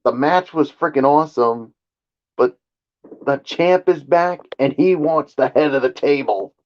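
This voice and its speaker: A man's voice: fairly high pitch, measured pace, muffled recording. A man co-hosting a wrestling review show, chatting enthusiastically and passing the floor to his co-hosts. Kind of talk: casual podcast chat.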